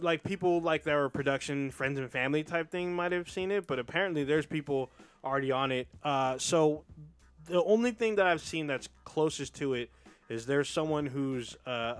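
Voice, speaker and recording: A man's voice: mid-range voice, moderate pace, smooth, no echo, faint music behind. Rambling, cursing podcast co-host man. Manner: loose, rambling, frequent fillers and swearing. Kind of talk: casual chat.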